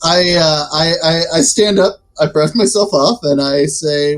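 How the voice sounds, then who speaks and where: A man's voice: a little high, steady tone, takes it slowly. A man playing a tabletop game, joking and rambling casually in character. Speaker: player.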